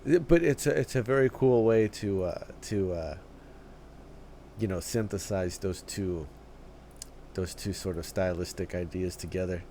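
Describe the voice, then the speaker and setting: Slow easygoing dude reacting to clips, deep-ish voice, keeps saying right and dude. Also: male voice, dark tone, a little hiss or hum. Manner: halting, full of fillers and restarts, says "dude" and "right?". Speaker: reaction video host. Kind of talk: casual reaction commentary.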